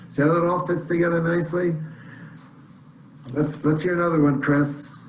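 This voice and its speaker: A man's voice: fairly high pitch, unhurried, darkish tone. A man teaching chant in an online lesson, explaining in plain words between short sung phrases. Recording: roomy echo, faint noise.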